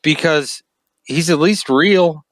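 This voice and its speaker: A man co-hosting a casual podcast chat, excitable and laughing often. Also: fairly high pitch, slow. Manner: excitable, laughs often, does mock impressions. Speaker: podcast co-host.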